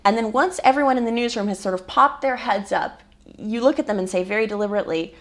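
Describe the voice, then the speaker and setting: A woman from the United States, an author guest on a radio interview, telling anecdotes in a warm, easygoing way. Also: on the high side, quick pace. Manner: warm, anecdotal, laughs easily.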